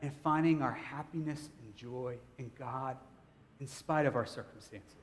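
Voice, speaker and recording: A man's voice: medium pitch, normal speed, slight background noise. A man preaching a sermon, telling a personal story with humor and speaking directly to his congregation. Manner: animated, humorous, chatty storyteller who addresses the congregation. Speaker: pastor. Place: church hall. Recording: long hall reverb, church sanctuary.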